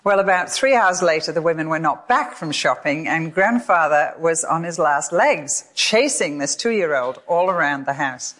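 Older woman preaching, lively storytelling. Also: low-pitched, normal speed, hardly any pauses. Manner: expressive storyteller, acts out voices in her stories. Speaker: Bible teacher. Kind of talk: sermon storytelling.

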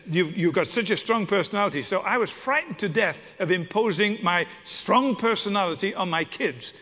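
A man's voice: high-pitched, bright, forceful tone. A man preaching a sermon with humor and stories, stumbling over restarts. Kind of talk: sermon with storytelling. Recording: long hall reverb.

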